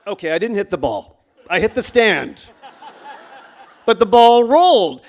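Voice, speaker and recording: Animated man telling a true story on stage. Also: very high voice, moderate pace, some chatter behind. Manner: animated, acts out the shouts of coaches. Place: stage before a live audience.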